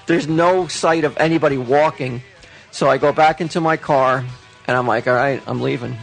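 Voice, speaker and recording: A man telling a rambling, halting story about a delivery in casual podcast chat. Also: mid-range voice, gravelly, faint music behind, rough recording. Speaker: comic shop delivery guy telling stories.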